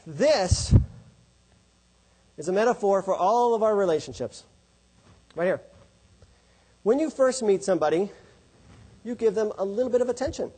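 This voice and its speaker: Husky high-voiced man speaking to an audience. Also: animated, moderate pace, long pauses, darkish tone, poor audio. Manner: asks and answers rhetorical questions. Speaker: speaker on love and faith. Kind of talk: presentation to an audience.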